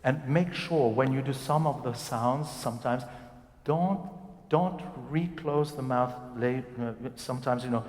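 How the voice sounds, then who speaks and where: A man coaching a singer in a masterclass. His voice sits at an average pitch and carries the long reverb of a concert hall. He explains in animated bursts and keeps acting out the phrasing himself. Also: a little slow. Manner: animated, demonstrating phrases by speaking and singing them.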